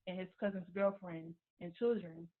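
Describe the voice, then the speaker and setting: A woman gives a personal testimony, telling her own story haltingly, with restarts and repeated words. Her lowish voice holds a steady tone and comes through a thin, phone-like recording.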